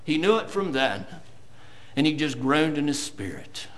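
A man preaching a sermon, reading scripture slowly and building to loud, emphatic points. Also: fairly high pitch, big pitch swings. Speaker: pastor.

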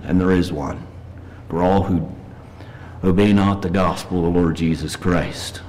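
A man preaching a morning sermon, reading scripture slowly and earnestly and pleading with his listeners. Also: deep voice, steady tone, crowd noise, low-quality recording. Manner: reads verses slowly and earnestly, pleads with rising intensity.

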